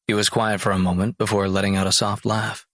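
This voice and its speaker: A man's voice: on the low side, little pitch movement, a little fast, fairly bright tone, dry recording. A man narrating an audiobook in first person, dry and sardonic.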